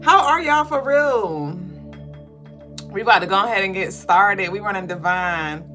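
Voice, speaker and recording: A woman hosting a casual spiritual reading livestream, excitable and profane, greeting viewers and reading their comments aloud. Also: medium pitch, a little slow, soft background music.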